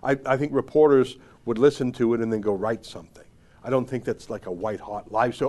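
A man's voice: mid-range voice, steady tone, fairly quick, warm tone. A man hosting a commentary show, giving opinionated political commentary in a sarcastic, emphatic, mocking way.

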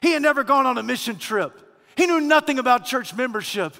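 A man preaching a sermon dramatically, swinging from shouts to near-whispers. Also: extremely high pitch, expressive, a little fast, vocal fry, long reverb tail.

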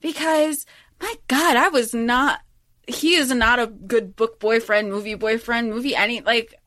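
A woman's voice: fairly high pitch, unhurried, fairly bright tone. A woman co-hosting a podcast, blunt and opinionated about a film, swearing casually. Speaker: podcast co-host. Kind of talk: casual film-discussion chat.

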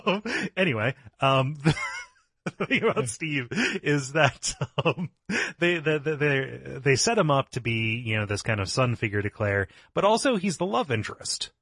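A man's voice: medium pitch, big pitch swings, normal speed, hardly any pauses, a bit bright, no room sound, studio quality. A man co-hosting a podcast, analysing a video game's story in casual talk, often repeating words as he thinks. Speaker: podcast co-host. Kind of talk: casual video game discussion.

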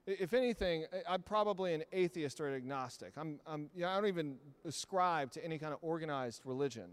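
A man's voice: on the high side, quick pace, clean tone, dry recording, natural voice. A man voicing a skeptical stranger at a café who speaks hesitantly and earnestly.

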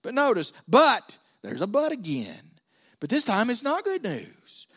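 A man's voice: very high voice, unhurried, slightly rough. A man preaching a sermon, telling stories and acting out the voices of people in them. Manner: animated storytelling, acting out voices.

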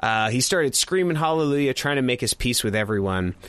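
A man's voice: mid-range voice, animated, a little fast, fairly bright tone, smooth, dry recording. A man co-hosting a casual music review chat, rambling with lots of fillers and frequent laughs. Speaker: podcast co-host.

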